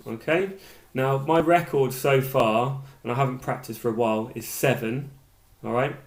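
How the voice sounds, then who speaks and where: An enthusiastic man teacher greets his new class, talking straight to the children. His voice sits in an ordinary middle range, and his delivery is upbeat and encouraging. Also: medium pitch. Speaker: primary school teacher. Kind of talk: welcome video to pupils.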